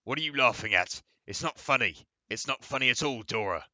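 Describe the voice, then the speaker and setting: A man's voice: mid-range voice, expressive, brisk, bright, forceful tone, no echo, highs cut off. Man doing a blustering, indignant father. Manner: pompous, scolding.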